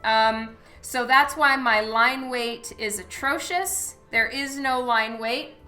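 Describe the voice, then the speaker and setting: A woman's voice: on the high side, slow pace, bright, forceful tone. A woman, a comic artist, chatting casually on a live stream while she draws, thanking viewers by name with frequent ums. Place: studio at a light table. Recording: roomy echo with faint music.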